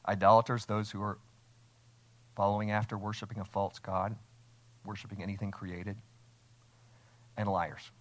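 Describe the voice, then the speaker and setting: A man's voice: lowish voice, level tone, moderate pace, pauses often, fairly bright tone. A man preaching an expository sermon as a pastor, speaking with emphasis and asking his congregation rhetorical questions. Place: church, streamed online.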